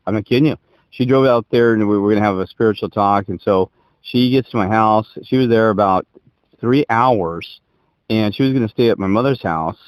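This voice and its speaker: Male co-host, low voice and fast delivery, rambling storyteller who keeps restarting his sentences. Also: no room sound. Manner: rambling, self-interrupting, emphatic. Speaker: podcast co-host. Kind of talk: casual chat, rambling storytelling. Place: Colorado.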